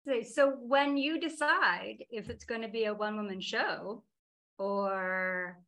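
A woman's voice: mid-range voice, unhurried, a bit bright. A woman co-hosting a book podcast, chatting upbeat and reading the show sign-off. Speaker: podcast co-host. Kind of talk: casual chat and show sign-off.

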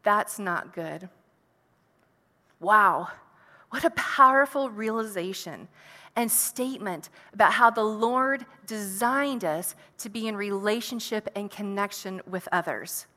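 A woman's voice: mid-range voice, a little slow, pushed and bright, in a large hall. A woman preacher giving an earnest, reflective sermon, posing rhetorical questions to her listeners.

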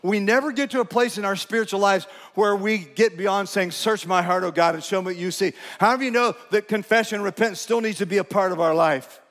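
Male pastor, high voice, chatty preaching style with questions to the crowd and self-deprecating jokes, long church-hall reverb. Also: quick pace, few pauses, a bit bright. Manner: conversational preaching with questions to the congregation and self-mocking humor. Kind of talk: sermon. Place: church sanctuary.

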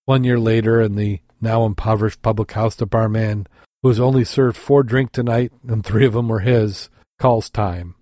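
A man's voice: on the low side, fairly even intonation, normal speed, mellow, no room sound, clean studio sound. A man hosting a show, telling a long joke in a rambling way, correcting himself and laughing at his own slips.

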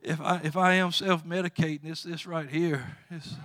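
A man's voice: fairly high pitch, fairly even intonation, normal speed, a bit bright. A man preaching a sermon, quoting scripture with rising fervor and chuckling asides. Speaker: pastor.

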